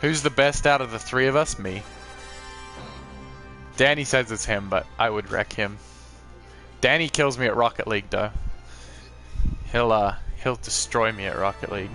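A man's voice: fairly low pitch, moderate pace, long pauses, sharp tone, soft background music. A man hosting a live gameplay stream in a casual, chatty way, talking to viewers and reacting to the game as he plays.

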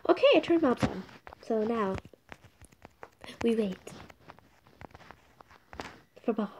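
A woman's voice: fairly high pitch, lively intonation, slow. A young woman casually narrating her gameplay, rambling and a little awkward, often dropping to a whisper. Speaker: game vlogger. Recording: noisy home recording.

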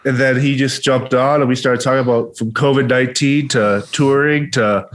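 A man co-hosting a laid-back podcast, telling stories with an easygoing, joking lilt. His voice is mid-pitched and unremarkable in tone, comfortable among friends. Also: steady tone, normal speed. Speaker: podcast co-host. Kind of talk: casual podcast chat.

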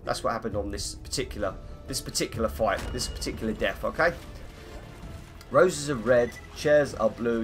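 A young man with a medium-pitched, slightly bright voice streams a game live. He chats in a rambling, self-mocking way and greets viewers by name.

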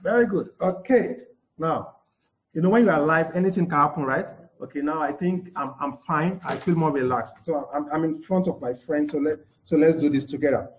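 A communication trainer with a fairly high voice teaches a live-streamed lesson, talking a little fast. He keeps saying "okay" and answers his own questions. He uses a live broadcast mic, and the room sounds dull and echoey.

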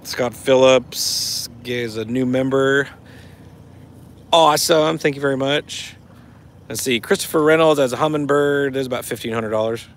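A man's voice: medium pitch, moderate pace, slight background noise. A man casually chatting on a livestream and reading out viewer comments in a laid-back, laughing way. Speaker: vlogger reading live chat.

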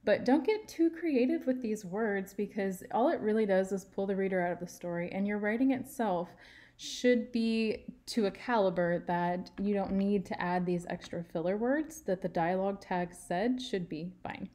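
A woman's voice: medium pitch, moderate pace, mellow. A woman teaching writing in a tutorial, patient and step by step, leaning on key words for emphasis. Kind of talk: screen-share writing tutorial.

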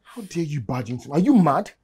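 An actor with a Nigerian accent playing an arrogant, violent husband and boss who mocks and threatens, bursting into shouts. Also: male voice, on the high side, very animated, fairly quick, husky. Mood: contemptuous. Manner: menacing, mocking, shouting in bursts. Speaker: abusive husband and office boss. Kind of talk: film acting.

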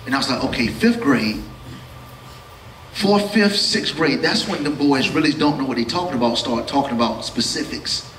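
A middle-aged man performing a stand-up comedy set, telling a story in an animated way and acting out his son in a high voice. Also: far from the mic, noisy background. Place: live theater stage with audience. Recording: roomy live stage sound from off mic with loud crowd. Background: audience laughter.

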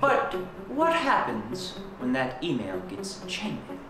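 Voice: medium pitch, wildly swooping pitch, a little slow. An actor playing a theatrical, teasing male host of a TV anthology show in an improvised student-film parody. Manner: theatrical, teasing announcer delivery. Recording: echoey room with loud music.

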